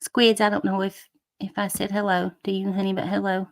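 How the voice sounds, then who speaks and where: Chatting casually on a livestream, this host reads comments, calls her viewers sweet names, and slips into profane rants. Her mid-range voice carries vocal fry and a totally flat, brisk delivery. It's a dry, studio-quality recording.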